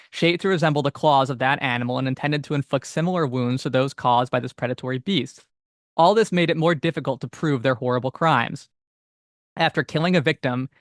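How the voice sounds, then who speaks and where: A man's voice: medium pitch, fairly bright tone, no room sound, clean studio sound. A man co-hosting a podcast, reading old passages aloud steadily between casual, filler-heavy chat. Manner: reads old text steadily, chats with many fillers. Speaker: podcast co-host.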